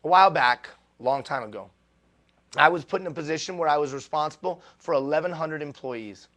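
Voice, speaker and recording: A male motivational speaker giving a live keynote talk, animated and self-deprecating, repeating phrases for emphasis. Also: a little high, brisk. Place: stage before a live audience.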